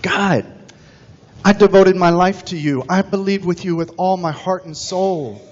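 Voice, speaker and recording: A man's voice: sits high, a little slow, darkish tone, voice pushed up. A man voicing a devout drowned man pleading with God in a raised, earnest voice, told as a sermon parable. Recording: dull recording with long church reverb.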